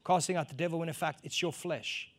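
A middle-aged man from South Africa preaching a sermon, telling a personal story and acting out the exchanges he describes, rising to loud emphasis. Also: a little high, steady tone, quick pace.

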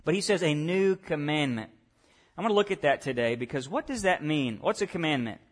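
The speaker is a pastor, male with a voice on the high side, preaching expressively and fairly quickly. He directs questions straight at the congregation and alternates quiet asides with loud, emphatic moments.

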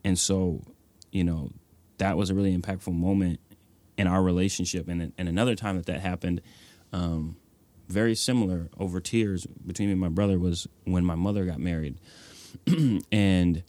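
Earnest young man, low dry voice. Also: fairly even intonation, normal speed, dark tone, no echo. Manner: earnest, heavy use of "like" and "you know". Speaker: nonprofit executive director, guest. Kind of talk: reflective interview storytelling.

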